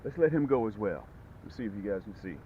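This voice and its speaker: Excitable man, lo-fi phone-like audio. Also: fairly low pitch, quick pace. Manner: excitable, whoops when fish bite, folksy talk. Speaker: fishing channel host. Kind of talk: casual on-the-water fishing vlog. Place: outdoors on a boat. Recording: phone-like lo-fi audio with faint noise.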